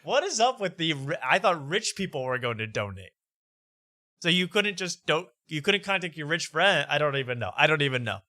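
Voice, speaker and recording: A man with a bright, edgy voice hosts a late-night comedy talk show. He mocks what he reads aloud and laughs often. The sound is dry and close. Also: a little high, sing-song, a little fast, no room sound. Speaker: host.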